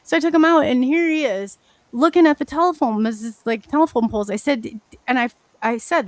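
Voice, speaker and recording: A woman guest telling her story in a casual, animated, rambling way, often restarting her sentences. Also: a little high, fairly quick, no room sound. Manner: animated, rambling, frequent restarts and self-corrections.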